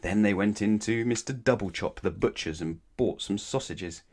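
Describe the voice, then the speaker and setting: A man reading a children's bedtime story aloud in a gentle, expressive storytelling manner. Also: on the low side, normal speed. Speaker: storybook reader.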